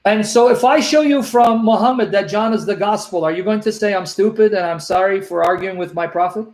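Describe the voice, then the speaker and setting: A man debating religion, reading verses aloud slowly and repeating references with emphasis. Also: high-pitched, a little mellow. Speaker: Christian apologist.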